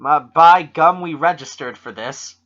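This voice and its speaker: Bright-voiced wry Canadian man, lo-fi. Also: fairly high pitch, unhurried. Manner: wry, self-mocking, mock-solemn fortune telling. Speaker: podcast co-host. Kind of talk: casual joking chat. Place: home room at a computer. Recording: dull lo-fi home computer mic.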